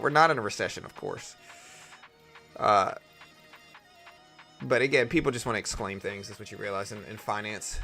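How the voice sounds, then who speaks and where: A man's voice: lowish voice, moderate pace, vocal fry, long pauses, sharp tone, faint music behind. A young man casually talking markets on a live trading stream, opinionated and chatty as he reads out chat messages.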